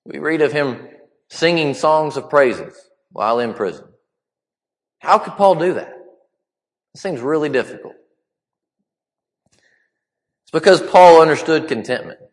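A man delivering a sermon in a conversational, halting way with frequent restarts. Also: on the high side, animated. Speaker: preacher. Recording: long hall reverb.

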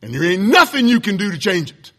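Brief: preacher, high-pitched man, blunt and fired up, reading quotes then arguing back. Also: big pitch swings, a little fast, vocal fry, bright, forceful tone. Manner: impassioned, blunt, addresses listeners as folks. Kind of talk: sermon lesson.

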